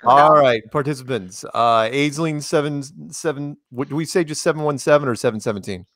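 A man co-hosting a livestream, reading a list of viewer names and dropping deadpan joking asides. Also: fairly high pitch, fairly quick, dry recording, clean studio sound. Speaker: livestream co-host. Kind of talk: casual livestream chat.

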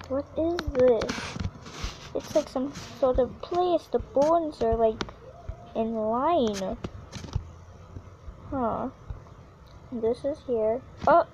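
A woman giving casual, excitable commentary on her own gameplay, yelping whenever she falls. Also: high-pitched, highs cut off, a little hiss or hum. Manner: chatty and excitable, yelps when falling. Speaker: gaming YouTuber.

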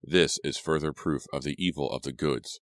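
A grim, obsessed colonial father who talks solemnly, as a man reads him in a storybook. His very deep voice comes through a dry, close recording. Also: fairly even intonation, normal speed, no room sound.

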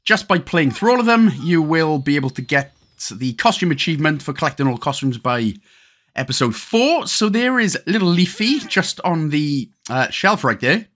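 A Welsh man talks viewers through a video game in a chatty, joking way. His pitch sits a little high for a man and moves in a lively, sing-song way. He drops casual slang and side remarks as he plays. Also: normal speed. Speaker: gaming guide host. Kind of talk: gameplay walkthrough commentary.

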